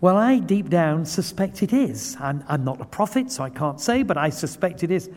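A man's voice: high-pitched, sing-song, normal speed. A man preaching a sermon, earnest and building to impassioned pleading. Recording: long hall reverb.

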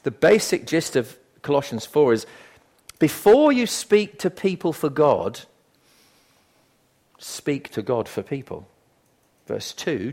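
An older man preaching a sermon in a conversational, emphatic way, swinging from quiet asides to loud bursts. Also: a little high, sing-song, slow pace, gravelly, pauses often.

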